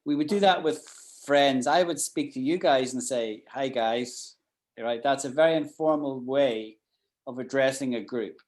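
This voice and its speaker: A man's voice: medium pitch, a little slow, darkish tone. A man teaching an online English class, explaining usage with frequent restarts and repeated words over a video call. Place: at home in Ireland.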